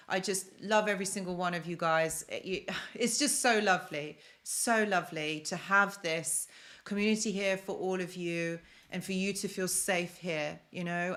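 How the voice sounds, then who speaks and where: A young woman from London chats casually on her self-help live stream, replying to viewer comments and repeating phrases to stress them. Her voice is lowish and a bit bright.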